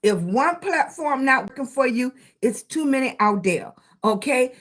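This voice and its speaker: A woman's voice: high voice, expressive, a little slow. A middle-aged woman with a Southern accent hosting a casual live stream, greeting her viewers by name with endearments and encouraging them to keep going. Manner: warm greetings to chat viewers, with terms of endearment; encouraging, motivational. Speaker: livestream host.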